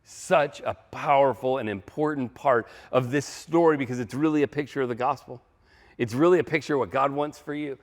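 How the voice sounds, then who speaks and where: A man's voice: medium pitch, a little fast. A male pastor preaching a sermon in a conversational, emphatic style, repeating key phrases for effect.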